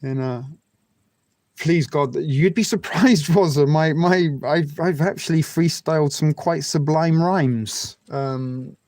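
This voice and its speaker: Gravelly English West Country man, rambling. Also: on the high side, slow pace, a little mellow, no echo. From England. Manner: rambling, crude joking, many fillers and restarts. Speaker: livestream host. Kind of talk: casual chat with viewers.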